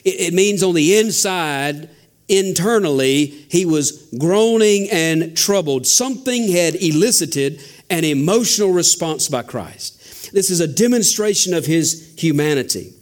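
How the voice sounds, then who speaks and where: A man's voice: fairly high pitch, animated, measured pace. A man preaching a sermon as a pastor, asking rhetorical questions and building emphasis. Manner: father.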